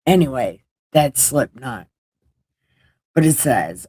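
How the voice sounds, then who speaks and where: A woman's voice: very deep voice, slow, long pauses, dark tone, no echo. A woman with a runny nose casually reading scripture aloud on a stream, joking and swearing as she goes. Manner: jokey, irreverent, swears casually. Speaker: online Bible reader.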